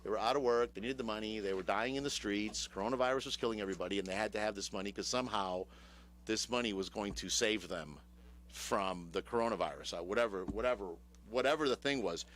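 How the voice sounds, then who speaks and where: A man's voice: lowish voice, fast, fairly bright tone. A man with a Chicago accent hosting a radio talk show, casual and sardonic, throwing rhetorical questions at his co-host. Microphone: studio microphone.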